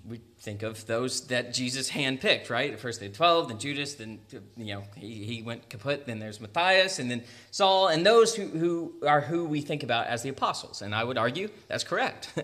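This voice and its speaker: A young man with an American accent giving a conversational sermon, laughing often and making quick asides. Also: medium pitch, fairly bright tone. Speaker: preacher.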